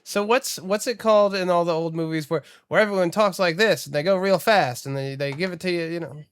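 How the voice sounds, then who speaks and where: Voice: mid-range voice, a little fast, smooth. A podcast co-host asking curious questions in casual chat.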